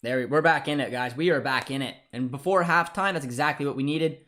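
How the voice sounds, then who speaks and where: A young man hosting a live football watchalong stream. He reacts loudly, laughing and cheering at goals and groaning at bad calls. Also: mid-range voice, fast.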